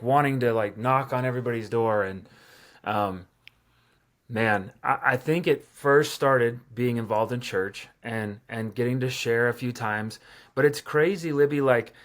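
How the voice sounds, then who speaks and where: A man's voice: mid-range voice, a bit bright. A man in his thirties, a podcast guest, telling personal stories casually with lots of fillers and a self-deprecating tone. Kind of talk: casual storytelling interview.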